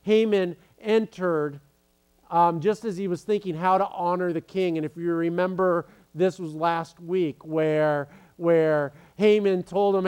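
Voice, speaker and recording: A pastor talks to his congregation in a loose, joking sermon, full of "uh"s and restarts. His voice sits high for a man. It is smooth and clear. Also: fairly even intonation, a little slow, a little mellow. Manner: joking, chatty, many fillers and restarts.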